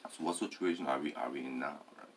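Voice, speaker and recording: A man's voice: very deep voice, fast talker, slight background noise. A man talking in a rambling, hesitant monologue, full of fillers and tag questions.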